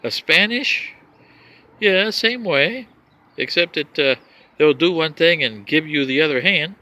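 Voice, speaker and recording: Man for a rambling vlog rant, lecturing tone, raised pitch, very lively delivery. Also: measured pace. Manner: lecturing, animated, with scoffing asides. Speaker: vlogger. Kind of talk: rambling monologue addressing humans as an outsider.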